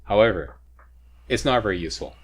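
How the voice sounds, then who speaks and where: A man's voice: on the low side, expressive, fairly quick, breathy edge. A man hosting a video game walkthrough, chatty and joking as he explains each step. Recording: faint ambient noise, sirens nearby.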